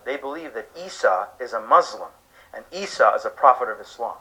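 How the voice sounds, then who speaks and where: A man's voice: mid-range voice, lively intonation, brisk, bright, forceful tone, low-quality recording. A man preaching a sermon-style lecture to an audience, emphatic, firing off rhetorical questions and acting out listeners' reactions.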